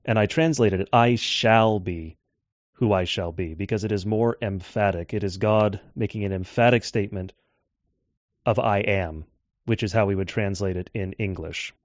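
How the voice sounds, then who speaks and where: A man giving a measured lecture on scripture translation, slowing down to quote texts. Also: fairly low pitch, steady tone, a little mellow, dry recording. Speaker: Bible teacher. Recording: dull dry lo-fi audio.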